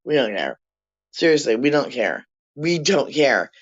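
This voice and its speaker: Older vlogger, profane rambling rant, mid-pitched, lo-fi apartment recording. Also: very animated, measured pace. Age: 60s. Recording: dull lo-fi sound.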